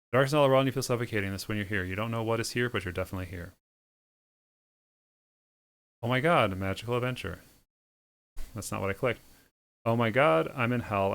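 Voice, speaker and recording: Fast, smooth-voiced man reading a game deadpan. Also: on the low side. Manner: sardonic, quick deadpan delivery with snarky asides. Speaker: game streamer reading a visual novel aloud. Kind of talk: reading game text aloud with comic asides.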